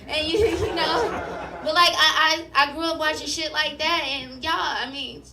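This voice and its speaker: A young woman performing a stand-up set, telling a story with animated, profane delivery and acted-out voices. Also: high-pitched, a little slow, reverberant, recorded from a distance, a faint crowd. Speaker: stand-up comedian. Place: comedy club stage with live audience.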